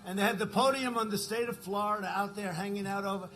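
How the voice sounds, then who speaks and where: A man's voice: high-pitched, fairly even intonation, fast talker, a bit bright, a little hiss or hum. A man addressing a campaign rally in a rambling, repetitive way, often checking in with the crowd. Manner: rambling, repetitive, keeps asking the crowd "right?". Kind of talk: rally speech.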